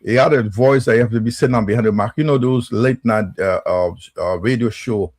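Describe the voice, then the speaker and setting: Husky Liberian man hosting a talk show. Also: mid-range voice, darkish tone, no room sound. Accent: Liberian English. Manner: halting, many fillers and restarts. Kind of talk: casual talk show chat.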